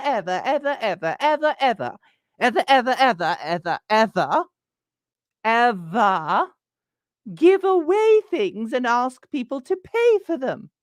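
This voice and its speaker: A woman's voice: on the high side, no echo, studio quality. A woman putting on a haughty, ancient queenly figure who scolds a scammer in a pompous, patronising way. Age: 179 as a joke figure; old. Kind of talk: comic in-character rant.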